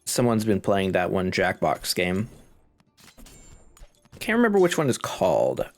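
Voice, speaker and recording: A man's voice: sits low, huge pitch swings, a little slow. A congested man casually commenting on his game as he plays, thinking aloud and chuckling. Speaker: gaming video host.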